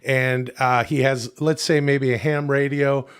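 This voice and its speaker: A man of middling pitch riffs on a comedy podcast, rambling and restarting as ideas come to him. He talks casually and swears freely. The delivery is loose and conversational. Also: flat delivery, a little slow, clean tone. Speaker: podcast co-host.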